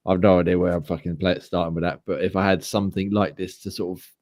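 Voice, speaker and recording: Deep-voiced man, rambling. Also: flat delivery, fast, darkish tone. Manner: rambling, swears casually. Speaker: podcast host. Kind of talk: casual chat.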